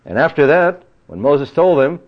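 A man's voice: fairly high pitch, big pitch swings, moderate pace. A man preaching a Bible-study sermon in an earnest, explaining manner, often adding "you see" and "you know.". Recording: dull lo-fi recording.

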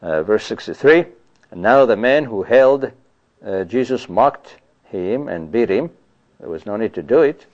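A man's voice: lowish voice, expressive, unhurried, darkish tone. Man preaching in a dull lo-fi recording. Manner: conversational, repeats "you see" and "you know". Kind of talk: sermon on scripture.

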